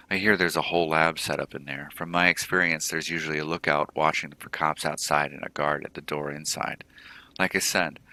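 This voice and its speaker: A man voicing a hardened woman runner, giving terse, clipped orders in a deep, gravelly tone. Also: sharp tone, heavily acted. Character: tough hardened female street runner.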